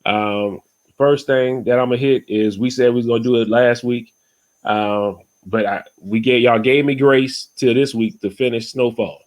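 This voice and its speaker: A man hosting a casual podcast over a video call, talking in a relaxed way and often saying "you know what I'm saying.". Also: mid-range voice, normal speed. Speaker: podcast host.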